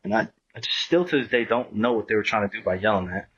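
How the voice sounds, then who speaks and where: A man's voice: lowish voice, expressive, fast, fairly bright tone, slightly rough, dull audio. A man guesting on a podcast, telling a long story in a rambling, profane, casual way and acting out what people said. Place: podcast studio.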